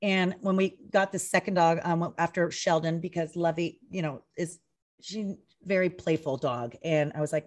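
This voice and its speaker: A talkative woman guest in a casual interview, her voice sitting a little low for a woman. She tells stories with plenty of acted-out back-and-forth and leans constantly on "like" and "you know". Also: fairly quick. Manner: chatty, animated storytelling full of acted-out quotes; heavy use of "like" and "you know". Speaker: retired pro wrestler guest.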